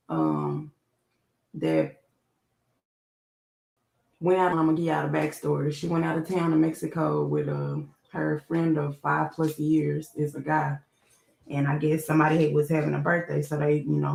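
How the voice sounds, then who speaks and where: A woman co-hosting a podcast, telling a story in casual chat with a laid-back, low-key delivery. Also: gravelly, a little mellow, roomy sound, low-quality recording. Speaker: podcast co-host.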